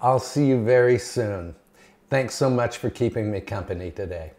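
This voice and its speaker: A man's voice: on the low side, moderate pace, darkish tone. A man hosting his own cooking channel, chatting enthusiastically in his home kitchen while he cooks and tastes. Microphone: camera mic, moved at times.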